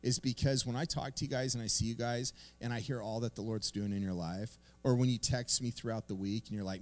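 A middle-aged man preaching a sermon as pastor, telling stories in a casual, animated way with slang. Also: medium pitch, fairly quick, hardly any pauses.

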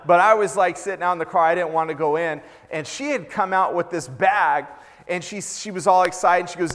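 A man in his fifties, a pastor, leading a prayer and then preaching with animated, humorous storytelling. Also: high-pitched, a little fast. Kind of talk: sermon. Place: church sanctuary. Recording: long church reverb.

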